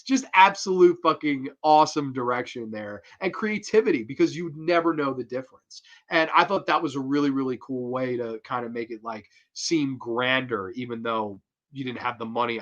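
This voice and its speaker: A man hosting a horror film review show, excitable and profane, acting out quotes as he recaps. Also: mid-range voice, muffled recording. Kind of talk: casual film review monologue.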